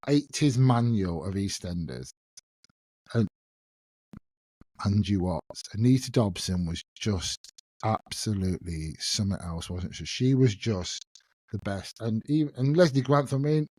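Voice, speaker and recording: A man's voice: mid-range voice, a little mellow, husky, no room sound. Chatty middle-aged man. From England. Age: 50s. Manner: chatty, self-mocking, laughs often. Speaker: podcast host. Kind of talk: casual solo chat.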